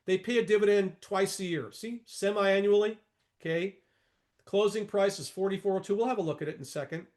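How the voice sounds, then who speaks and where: A man in his sixties with a notably high speaking voice leads a trading lesson, pulling up charts as he goes. He is emphatic and repetitive, tossing folksy asides at his viewers. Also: a little fast, a little mellow. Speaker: market educator.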